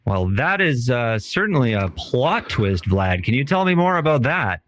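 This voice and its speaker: A man's voice: mid-range voice, sing-song, moderate pace, a bit bright, no echo. A man playing a weary late-night radio DJ taking calls at the end of the world, drawling and dry, with many hesitant uhs, in an improvised comedy. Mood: wry.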